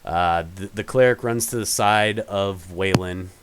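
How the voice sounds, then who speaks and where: A man's voice: sits low, measured pace, background noise. A man narrating a tabletop game as game master, rambling with many fillers and restarts.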